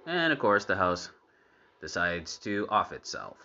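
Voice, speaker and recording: A man's voice: low voice, big pitch swings, pushed and bright, highs cut off. A man giving casual commentary while watching a cartoon episode. He laughs often and chats in an easy way. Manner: laughs often, unhurried and chatty.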